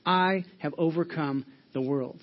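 Man, sermon, conversational storyteller, slightly raised pitch, dull lo-fi sound. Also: measured pace. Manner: conversational, animated storytelling with frequent restarts. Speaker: pastor.

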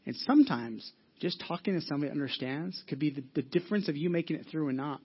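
Fast-talking husky male pastor. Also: a little high, expressive, dull audio. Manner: conversational, asks the audience questions, many restarts. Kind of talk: sermon. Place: church hall with audience.

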